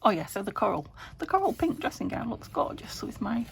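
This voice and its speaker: Her voice is fairly high, sing-song and gravelly, and she talks a little fast over slight background noise. This British junk journal crafter from the UK rambles chattily through her crafting vlog, murmuring to herself while working.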